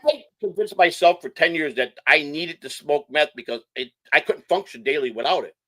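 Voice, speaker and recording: A middle-aged man from Chicago who talks in a hyper, rambling rush, full of profanity and tangents. His voice sits a little high and comes across forceful and tense. The sound is dry and close. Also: expressive, normal speed, no echo. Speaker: show host. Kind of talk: casual livestream chat.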